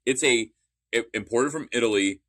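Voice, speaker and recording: A man's voice: mid-range voice, moderate pace, a bit bright. A man in casual podcast chat, telling long rambling stories with restarts and the odd curse.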